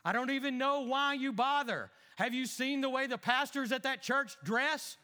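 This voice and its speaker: A man's voice: extremely high pitch, a little fast, pushed and bright, clear, resonant tone, in a large hall, voice pushed up. A man playing a whiny grumpy dad. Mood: griping. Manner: whiny, exasperated ranting. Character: grumpy middle-aged father, whining and complaining. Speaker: one-man skit in a sermon.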